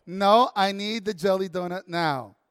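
A man's voice: sits high, a little slow, a bit bright, smooth, dry recording, studio quality. A man voicing his insistent wife as she demands a sweet late at night, in a sermon story.

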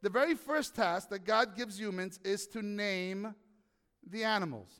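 A male pastor preaches in a church sanctuary, animated and drawing the congregation in with questions. His voice sits high. A long hall reverb trails every phrase. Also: unhurried. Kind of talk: sermon.

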